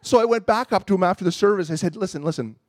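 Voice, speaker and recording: A man's voice: high voice, rapid-fire, dry recording, studio quality. A man preaching a sermon as a pastor, telling a personal story in a conversational, self-deprecating way with stumbles and restarts. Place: church service.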